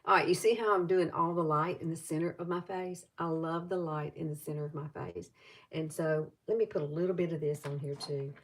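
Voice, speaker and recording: Speaking a little fast in a low, steady voice, this Southern woman from Alabama, over fifty, runs a live makeup tutorial. Her talk is loose and chatty, and she keeps saying hello to viewers throughout.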